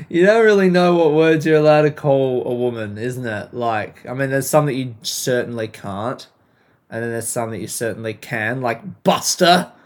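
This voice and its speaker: A young man hosting a podcast, ranting with lots of swearing and loud outbursts into a clipping home mic. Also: mid-range voice, a little slow, pauses often. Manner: profane, animated ranting, frequent yelling. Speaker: podcast host. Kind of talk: casual solo rant. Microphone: home mic recorded into laptop software, clipping.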